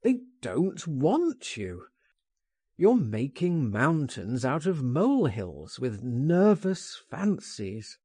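A man's voice: mid-range voice, wildly swooping pitch, slow, dark tone, husky, dry recording, clean studio sound, full character voice. A man doing an urgent, pleading friend. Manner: pleading, insistent, impatient.

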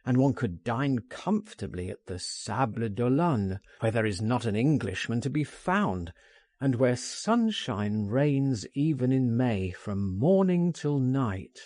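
A man narrating an audiobook memoir in an expressive, theatrical manner. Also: mid-range voice, measured pace, dry recording, studio quality.

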